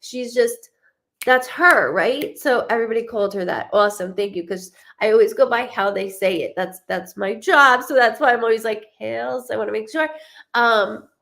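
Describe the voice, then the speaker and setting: A woman giving a live psychic reading, chatty and animated, often restarting her sentences as she relays messages. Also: on the high side, moderate pace. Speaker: psychic medium.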